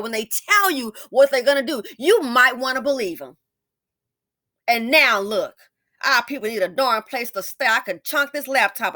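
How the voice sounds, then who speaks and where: A woman's voice: on the high side, fairly bright tone. A woman hosting a commentary channel, talking emotionally and angrily about a news video. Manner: emotional, angry and heated. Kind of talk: casual opinion commentary.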